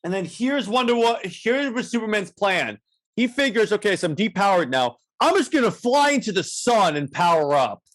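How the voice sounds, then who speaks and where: A podcast co-host with a high, sing-song, slightly bright voice recaps a comic at a moderate pace. He rambles casually, restarts often, and acts out quotes from it.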